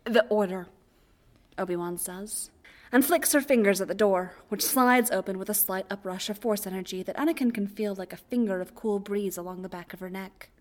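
A woman narrating a story as an audiobook. Her voice sits at a middling pitch and stays quiet and even. She reads steadily from line to line. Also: brisk. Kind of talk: audiobook reading of fan fiction.

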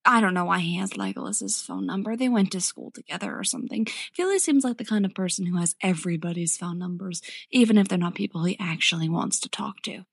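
A woman casually retelling a fan-fiction plot, chatty and quick, slipping into short voiced asides for the characters. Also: mid-range voice, creaky, husky, dry recording. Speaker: storyteller.

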